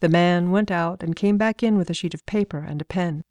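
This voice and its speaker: A woman narrating an audiobook in a calm, measured way. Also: on the low side, no room sound.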